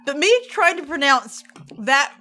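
A woman co-host on a casual podcast, joking and laughing at herself as she chats. Her voice sits high and swings widely, with a bright, clear edge. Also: lively intonation, a little slow. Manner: playful, laughs often, self-mocking.

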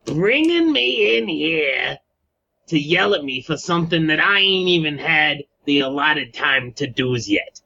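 A man voicing a cocky, sarcastic low-level male crook who talks in mouthy street slang, on a dull lo-fi recording. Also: fairly even intonation, moderate pace, few pauses, bright, forceful tone.

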